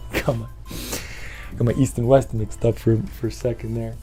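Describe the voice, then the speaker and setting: A man's voice: mid-range voice, flat delivery, a little slow, warm tone, soft background music. A man hosting a podcast, rambling through a profane, casual rant and laughing often. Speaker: podcast host.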